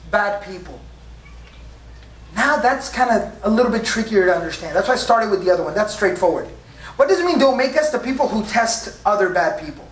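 A man's voice: high-pitched, a bit bright. A man preaching a sermon, emphatic and full of rhetorical questions and repetition. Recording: echoey room from a distance.

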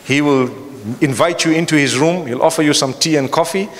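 A man's voice: fairly high pitch, a little fast, in a large hall. A man preaching a lecture to a live audience, emphatic, with rhetorical questions and repetition. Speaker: Islamic preacher. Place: large hall before an audience.

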